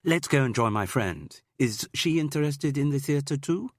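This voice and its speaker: A man's voice: mid-range voice, lively intonation, moderate pace, no room sound, studio quality, pitched above the performer's own voice, close to an everyday voice. A man voicing an offhand young woman student with a slight Spanish accent, talking casually with lots of "like".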